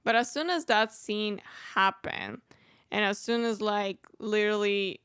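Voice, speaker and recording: Female co-host, smooth clear voice, mid-pitched, relaxed and tentative, dry sound. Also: measured pace, no echo. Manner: relaxed, hesitant, lots of backchannel agreement. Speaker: podcast co-host. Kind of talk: casual film review chat.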